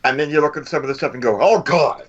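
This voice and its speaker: A man's voice: medium pitch, very fast, highs cut off. A man co-hosting a podcast, speaking earnestly and encouragingly in casual chat. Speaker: podcast co-host.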